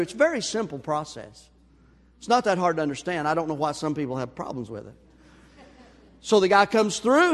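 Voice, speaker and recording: High-voiced preacher in an echoing church. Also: male voice. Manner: animated storyteller, acts out voices. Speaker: pastor. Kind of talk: sermon with a personal story. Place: church sanctuary. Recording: long hall reverb.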